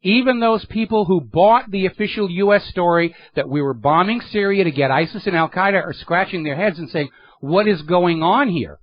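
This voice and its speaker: A man's voice: high-pitched, animated, a little fast, few pauses, highs cut off. A man hosting a political talk radio show, delivering an emphatic, sardonic monologue into a studio microphone.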